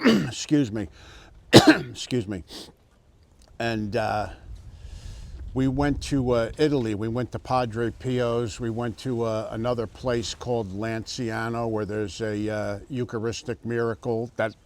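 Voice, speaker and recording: Slow, halting man telling a story. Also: medium pitch, fairly even intonation, slight background noise. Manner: halting, many fillers and restarts, storytelling. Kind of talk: casual interview testimony.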